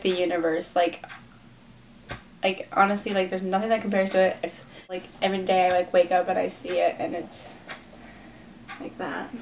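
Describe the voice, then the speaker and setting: A woman's voice: medium pitch, a little mellow. Gushing teen girl vlogger, distant mic. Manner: gushing, rambling, many "like" fillers. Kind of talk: excited storytime vlog. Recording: distant mic with faint room noise.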